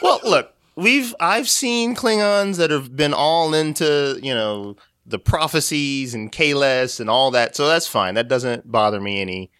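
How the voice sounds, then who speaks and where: A man chatting on a podcast with a lively, swooping delivery and a bright, sharp tone. He jokes and swears freely. The sound is dry and close. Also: mid-range voice, measured pace, few pauses, smooth, dry recording. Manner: animated, profane, jokey. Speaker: podcast host. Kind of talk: casual chat.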